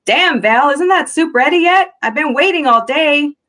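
A woman voicing a bubbly, sociable young woman who talks loudly and teases cheerfully in a storybook reading. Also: on the low side, moderate pace, gravelly. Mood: excited. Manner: loud, cheerful, teasing.

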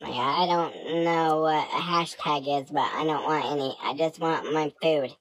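A woman telling a joking story straight to camera in a deadpan, playful way. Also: low voice, unhurried, rough recording. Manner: deadpan, jokey. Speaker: vlogger. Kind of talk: comic monologue to camera.

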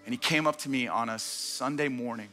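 A man preaching a sermon in a church, telling stories with energy and quick repeated restarts. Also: medium pitch, pushed and bright, soft background music. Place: church stage before a congregation.

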